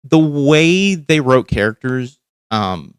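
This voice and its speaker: A man's voice: medium pitch, very animated, takes it slowly, smooth, no echo, studio quality. A man hosting a casual reaction livestream, talking bluntly and profanely with lots of restarts. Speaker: livestream host.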